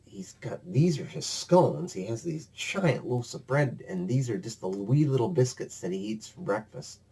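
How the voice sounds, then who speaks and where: A man voicing a grumpy, curious male giant in a storytelling sermon, with a gruff, puzzled mutter. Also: mid-range voice, very animated, normal speed.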